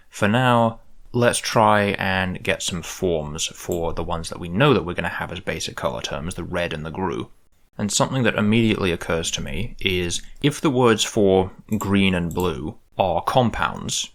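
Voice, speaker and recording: Man, very low voice, musing tutorial, thinking aloud, tentative, self-correcting. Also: fairly bright tone. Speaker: conlang creator.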